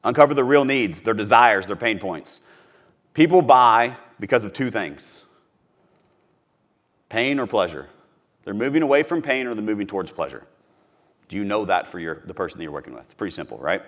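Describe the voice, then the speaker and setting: A man's voice: fairly low pitch, animated, moderate pace, pauses often, fairly bright tone. A middle-aged man from Missouri giving a punchy, emphatic motivational talk on sales, repeating his key phrases. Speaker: podcast host teaching sales.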